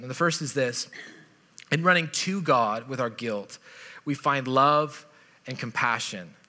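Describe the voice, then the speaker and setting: A man's voice: fairly high pitch, sharp tone. A male pastor preaching a sermon and retelling a story in a casual, conversational way. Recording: long reverb of a large hall.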